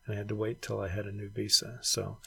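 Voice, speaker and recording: In an oral history interview, a middle-aged former missionary and regional director reflects on his years abroad, acting out the voices of people he quotes. He speaks fast in a lowish, husky, creaky voice with a completely flat delivery and a bright, forceful tone.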